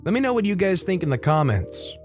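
A man's voice: high voice, sing-song, brisk, darkish tone, soft background music. A man narrating a revenge story from a forum in a sarcastic, conversational way.

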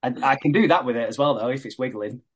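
A man on a podcast, recapping a soap episode with lively, sweary enthusiasm. He jumps into quoted lines and talks in a loose, chatty way. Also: mid-range voice, fast, breathy edge. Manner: animated retelling, swears a lot, laughs often. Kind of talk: casual sweary chat.

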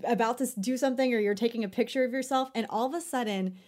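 A woman's voice: a little high, fast, darkish tone. A woman hosting an interview, chatty and enthusiastic as she sets up stories and questions. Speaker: host. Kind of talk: casual interview chat.

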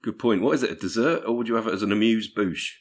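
A man's voice: fairly low pitch, rapid-fire. A man co-hosting a podcast, chatting casually in a dry, matter-of-fact way. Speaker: podcast co-host. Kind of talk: casual comedic chat.

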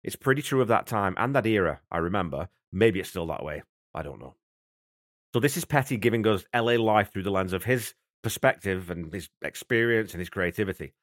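Walking listeners through a track's production, this music podcast host speaks expressively and fairly quickly in a fairly low voice, sounding genuinely excited. The song breakdown feels relaxed and chatty, recorded dry without any room echo.

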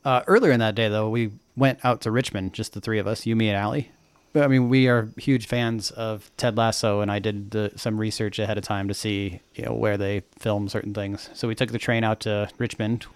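A man co-hosting a podcast, telling travel stories in a relaxed, chatty way and correcting himself as he goes. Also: lowish voice, brisk, clean tone, dry recording. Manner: relaxed storytelling with small self-corrections. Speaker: podcast co-host. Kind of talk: casual chat.

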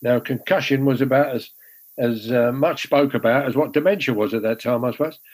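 A man's voice: medium pitch, a little fast, darkish tone, husky, low-quality recording. An older man, a former goalkeeper telling rambling, self-deprecating stories with many restarts. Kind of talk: casual anecdote telling.

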